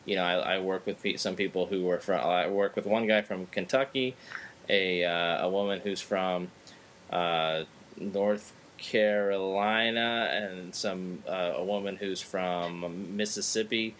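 A man from Southern California hosting a podcast in casual chat, rambling and halting with many restarts. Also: low-pitched, steady tone, a bit bright, a little hiss or hum. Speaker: podcast host.

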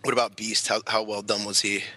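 A man's voice: on the low side, flat delivery, brisk, sharp tone, slight background noise. A man talking in a blunt, crude, heckling way in a casual group chat.

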